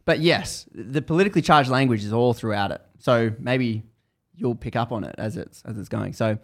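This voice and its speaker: A man with a gravelly, mid-pitched voice retells a book in a relaxed podcast chat. He tells it in animated bursts and leans into the tense moments. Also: moderate pace. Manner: animated storytelling, building tension. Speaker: podcast host. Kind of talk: casual book recap chat.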